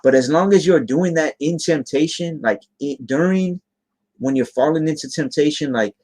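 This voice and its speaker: A man's voice: on the high side, expressive, moderate pace, a little mellow. A man preaching informally on a live stream. He reads scripture aloud and ends nearly every point with "right?". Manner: tags lines with "right?", casual and earnest.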